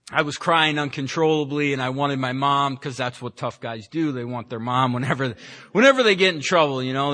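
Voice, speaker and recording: A man's voice: a little high, bright, forceful tone. A man giving a candid, self-mocking personal recovery talk at a meeting, telling his story with many restarts. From San Francisco, California. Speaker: AA meeting speaker. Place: meeting room.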